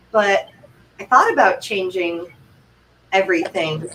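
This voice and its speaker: A talkative woman from Vermont rambles through her anecdotes on a livestream, quoting herself as she goes. Her voice sits at a middling pitch and sounds a little distant from the microphone, with a faint noise underneath. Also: expressive, slow pace, pauses often, sharp tone. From Vermont, United States. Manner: chatty, rambling, breathless anecdotes with quoted asides. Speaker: guest. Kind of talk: casual chat, animated storytelling.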